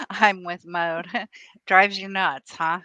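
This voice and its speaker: A woman co-hosting a casual live stream, teasing the host and quick to laugh. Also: medium pitch, bright, forceful tone, no room sound.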